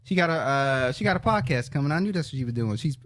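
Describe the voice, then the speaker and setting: A man's voice: on the high side, lively intonation, fast, a bit bright, no room sound. A man co-hosting a podcast in casual chat, joking, teasing and laughing often. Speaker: podcast co-host.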